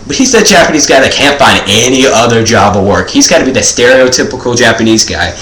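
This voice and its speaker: A man's voice: mid-range voice, animated, fast, fairly bright tone, a little hiss or hum. A teenage boy doing a rambling comedic monologue, filling nearly every phrase with "like.". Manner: rambling, filler-heavy, says "like" constantly. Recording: echoey room.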